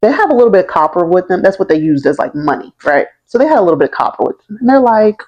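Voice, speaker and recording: Young woman with a lowish voice, casual history vlogger, slangy and chatty, keeps asking "right?". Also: very animated, racing, darkish tone, dull audio. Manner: chatty and slangy, often checking in with "right?" and "okay?"; laughs through the telling. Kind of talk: casual storytelling.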